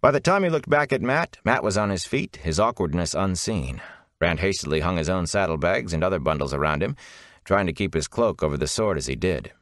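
Deep, expressive male narrator. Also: a little fast, no echo, studio quality. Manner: expressive storytelling. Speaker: audiobook narrator. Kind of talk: scripted fantasy narration.

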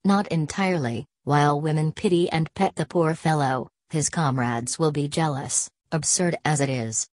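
A woman voicing a stern aristocratic mother who speaks in a cool, measured, commanding way. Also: deep voice, darkish tone, no echo.

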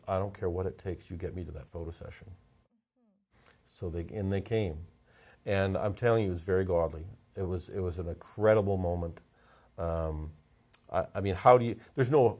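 A man, a portrait photographer, telling stories in a casual interview, halting and repeating words as he gets emotional. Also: on the low side, darkish tone.

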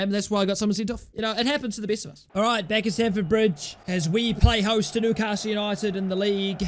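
A man giving live commentary over his football video game, swinging between quick play-by-play and swearing rants at his players. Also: sits high, a bit bright. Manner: exasperated, swearing, talks to the game. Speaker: gaming YouTuber.

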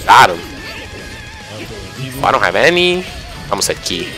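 A young man giving excited, self-mocking commentary over his own online fighting game matches, often yelling at big moments. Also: medium pitch, a little slow. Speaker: gaming YouTuber. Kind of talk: live gameplay commentary. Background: background music.

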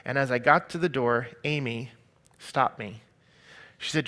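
A man's voice: mid-range voice, a little slow, bright, forceful tone. A man giving an earnest, confessional personal testimony as a sermon. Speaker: speaker sharing his testimony.

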